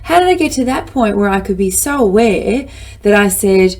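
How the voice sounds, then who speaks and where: A middle-aged woman giving a lively, playful motivational talk, acting out her own inner voice. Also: mid-range voice, normal speed. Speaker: self-help speaker.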